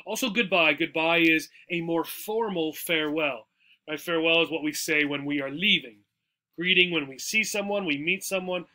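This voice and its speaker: A man's voice: a little high, sharp tone. A man teaching English, walking through a textbook dialogue in a chatty way and often checking in with "right?" and "okay?".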